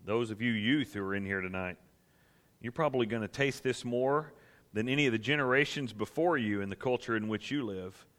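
A man's voice: medium pitch, fairly quick, a bit bright. A man preaching a sermon as pastor to a church gathering, earnest and building to impassioned emphasis.

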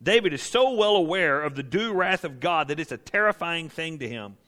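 A man's voice: on the high side, expressive, normal speed, few pauses, a bit bright. A man preaching a sermon as pastor to a church gathering, earnest and building to impassioned emphasis.

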